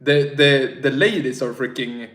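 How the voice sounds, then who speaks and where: A man's voice: mid-range voice, a little slow, a bit bright, roomy sound. A tipsy man from Sweden with a Swedish accent, chatting casually on a livestream and reading out chat in a rambling, slangy, self-mocking way.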